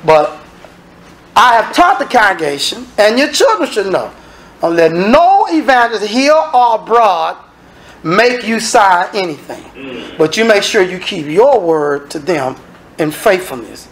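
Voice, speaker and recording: Animated preacher man. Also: sits high, measured pace. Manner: animated, acts out dialogue, sometimes shouts. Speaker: minister. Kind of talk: sermon.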